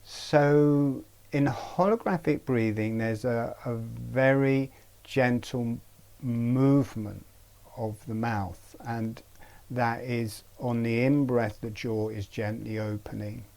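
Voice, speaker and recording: A man teaching a breathing practice in an online webinar, speaking gently and haltingly, with frequent pauses. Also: mid-range voice, fairly even intonation, vocal fry. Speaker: meditation teacher.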